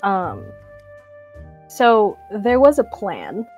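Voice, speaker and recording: A woman's voice: mid-range voice, huge pitch swings, drawn-out words, darkish tone, dull audio, soft background music. A woman playing a tabletop game, giggly and hesitant. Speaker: player. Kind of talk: casual tabletop play.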